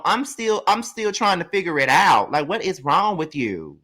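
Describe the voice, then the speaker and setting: Guy from mississippi going off on a reality show recap, bright edgy voice, kinda high, cussing a lot. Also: expressive, measured pace, few pauses. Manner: sassy, profane, emphatic ranting. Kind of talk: casual ranting commentary.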